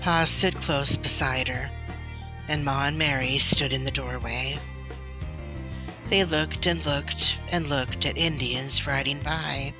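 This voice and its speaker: A woman reads a children's novel aloud in a gentle, expressive way. She takes it very slowly, letting each phrase settle. Soft music runs under her voice. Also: extremely low pitch. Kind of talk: storybook read-aloud.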